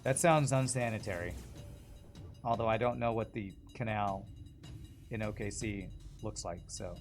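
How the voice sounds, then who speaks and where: A man's voice: fairly low pitch, a little slow, soft background music. A man chatting casually as he streams a game, rambling and laughing often. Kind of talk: casual gameplay commentary.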